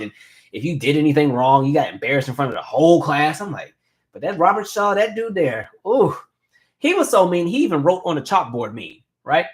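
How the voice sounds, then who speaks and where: A man in his thirties hosting a casual live stream, telling animated stories and reading viewer comments aloud. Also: mid-range voice. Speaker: host.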